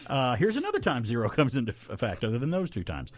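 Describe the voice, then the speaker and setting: Lively male radio host, dry studio sound. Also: mid-range voice, fast, no room sound. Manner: animated, reads out numbers, laughs often. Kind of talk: casual radio trivia chat. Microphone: studio microphone.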